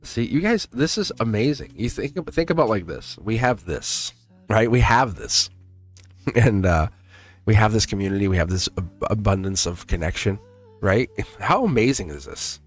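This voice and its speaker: A man's voice: lowish voice, animated, normal speed, faint music behind. A man giving a live-streamed tarot reading in an earnest way, repeating himself and laughing often. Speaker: tarot reader.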